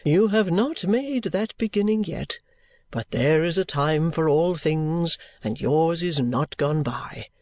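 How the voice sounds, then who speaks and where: A man reading the part of a kindly older male guardian in an audiobook, speaking in a cordial, measured, fatherly way. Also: a little high, animated, darkish tone, dry recording, pitched below the performer's own voice. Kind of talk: audiobook reading of a classic novel.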